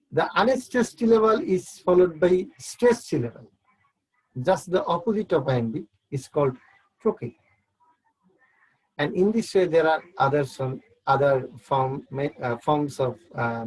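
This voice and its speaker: A man's voice: mid-range voice, poor audio. A man teaching an online English literature class, explaining step by step and repeating words as he counts syllables.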